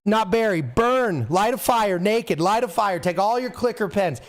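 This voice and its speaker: A man's voice: high voice, expressive, unhurried. A man hosting a livestream, delivering a theatrical, impassioned mock-serious rant and getting worked up as he goes. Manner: coughs and trails off between thoughts. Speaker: livestream host.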